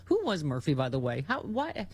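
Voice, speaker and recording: Lively chatty woman radio host. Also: low voice, moderate pace. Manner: chatty, laughs often while telling stories. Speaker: radio talk show host. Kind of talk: casual on-air banter and live ad read.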